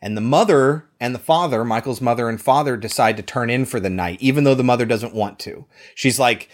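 Man, casual film recap, animated storyteller, mid-pitched voice. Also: a little fast, hardly any pauses. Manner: animated storytelling, swears, acts out lines. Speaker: podcast co-host.

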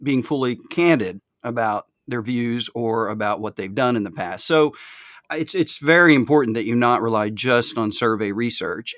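Measured Southern man, academic podcast host. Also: on the low side, fairly bright tone, dry recording, clean studio sound. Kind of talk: academic discussion.

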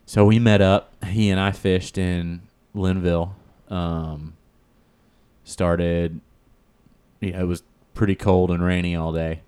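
A man's voice: deep voice, level tone, takes it slowly, darkish tone, clear, resonant tone. A man casually telling a rambling fishing story in a chat, full of fillers and quoted dialogue.

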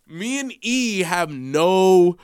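Young man, higher pitch, smooth clear voice, dry sound, laid-back friend chiming in. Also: expressive, very slow, no room sound. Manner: laughing, casual, swears. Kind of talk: casual storytelling with a friend.

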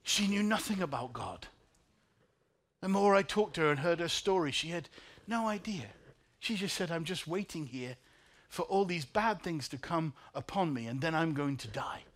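A man preaching a sermon, telling a personal story in soft, quiet tones that rise into emotional peaks, and repeating key lines for the congregation. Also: a little high, lively intonation, moderate pace. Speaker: pastor.

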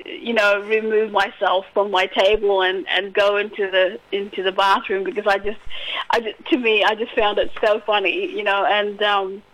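A woman's voice: mid-range voice, level tone, moderate pace, a bit bright, low-quality recording. An Australian woman from Western Australia, a poet reading her own verse and then chatting hesitantly, with many fillers, as a guest on an interview show. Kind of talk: poetry reading and casual interview chat.

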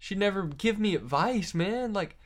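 A man's voice: sits high, expressive, moderate pace. Tired young man rambling through a story. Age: young adult. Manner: rambling storyteller, swears freely, laughs while talking. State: tired from long hours awake. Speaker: musician guest. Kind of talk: casual interview chat.

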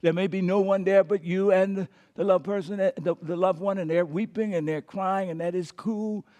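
A man preaching a sermon as pastor, emphatic, sometimes dropping to a whisper and having the listeners repeat after him. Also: sits high. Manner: emphatic, dropping to quiet whispers on key words.

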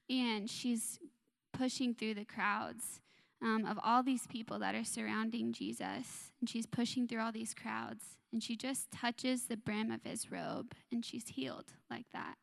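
A woman in her twenties sharing a personal testimony in church, soft and earnest, with frequent ums. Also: a little high, creaky. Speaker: worship leader sharing a testimony.

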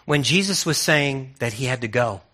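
A man's voice: mid-range voice, lively intonation, moderate pace, sharp tone. A man preaching a sermon in a conversational way, asking many rhetorical questions and often restarting his words.

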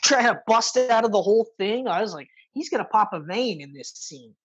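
Husky woman chatting casually about a film. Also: mid-range voice, lively intonation, fairly quick, dull audio. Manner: casual, swears often, acts out movie lines. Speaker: podcast co-host. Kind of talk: casual movie review chat.

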